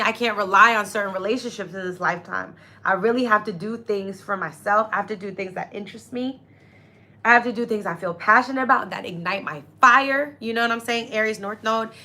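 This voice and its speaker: A woman's voice: medium pitch, brisk, pushed and bright. A young woman hosting a casual astrology talk, effusive and grateful, speaking directly to her viewers and getting teary with happiness. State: tearful with happiness. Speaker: astrology livestream host.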